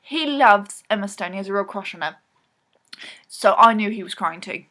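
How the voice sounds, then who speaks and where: A woman's voice: medium pitch, expressive, moderate pace, sharp tone. A woman talking casually to camera in a rambling film recap vlog, full of ums and restarts. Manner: rambling, chatty, lots of ums. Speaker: vlogger.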